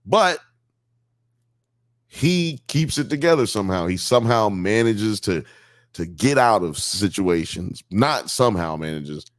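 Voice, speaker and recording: A man's voice: on the low side, lively intonation, a little slow, dry recording, studio quality. A man co-hosting a casual podcast, talking loosely and with lots of profanity, often acting out characters in a mock New York accent. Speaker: podcast co-host.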